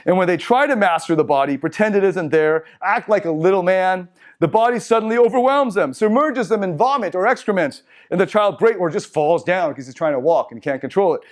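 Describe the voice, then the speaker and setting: Teaching a group from slides in a meeting room, a man reads passages aloud before riffing on them informally, adding asides. He speaks a little fast, expressively, in a voice that sits high.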